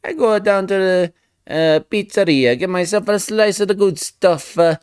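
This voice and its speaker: A man's voice: sits high, normal speed, darkish tone, smooth, no echo, clean studio sound, pitched above the performer's own voice, close to an everyday voice. A man putting on a jolly mock-Italian pizza lover. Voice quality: exaggerated mock Italian accent. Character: cheery stereotyped Italian man raving about pizza.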